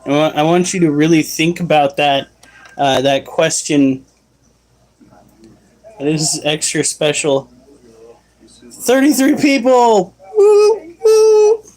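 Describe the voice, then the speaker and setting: Man, slightly high voice, unhurried delivery, casual livestream host who yells at his dogs between chat replies. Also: level tone, rough recording. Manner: scolds his dogs loudly, reads chat aloud. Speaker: pet livestreamer.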